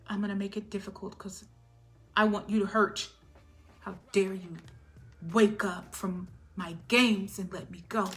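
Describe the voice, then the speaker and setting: Cast a woman as a spiteful, controlling past lover who taunts, bright and high-pitched, faint music under. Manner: taunting, shifts into whispered confessions and fake sweetness.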